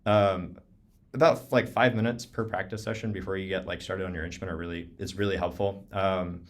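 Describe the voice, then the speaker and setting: Young man, deep low voice, casual clarinet teacher, lots of fillers, video call. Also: brisk. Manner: relaxed, many fillers like "um" and "like". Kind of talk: casual online clinic talk.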